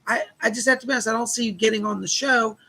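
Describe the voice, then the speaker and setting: A man's voice: extremely high pitch, fairly even intonation, very fast, sharp tone, breathy edge, poor audio. A man hosting live psychic readings, relaying spirit messages with repeated "she said" and reading out and thanking viewers for donations. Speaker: psychic medium host.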